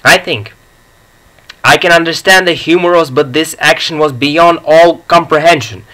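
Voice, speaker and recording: A man's voice: on the high side, moderate pace, sharp tone, rough recording. A man voicing a pompous elderly male nerve specialist in an audiobook, formal and indignant. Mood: lecturing. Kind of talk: audiobook reading.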